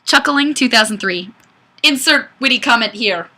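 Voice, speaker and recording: A woman's voice: on the high side, expressive, moderate pace, pushed and bright. A woman hosting a webcam livestream, reading viewer comments in a chatty, self-deprecating way. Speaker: livestream host. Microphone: webcam mic.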